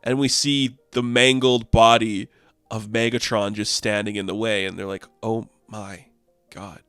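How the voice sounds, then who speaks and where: Excitable male comic reviewer, casual and chatty, resonant voice, dead-dry booth. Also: lowish voice, normal speed, clean tone, no echo. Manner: chatty, filler-heavy, excitable.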